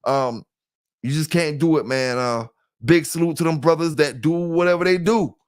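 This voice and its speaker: High-voiced talkative Southern man. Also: moderate pace. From South Carolina. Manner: loose and talkative, keeps saying "you know what I'm saying", greets chat members. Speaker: livestream host. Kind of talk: casual livestream talk.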